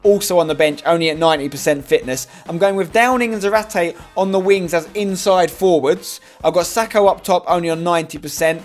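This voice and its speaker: Young man, game commentary, fairly high voice, faint music behind, excitable. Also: brisk, few pauses. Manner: excitable, groans loudly at conceded goals. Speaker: host.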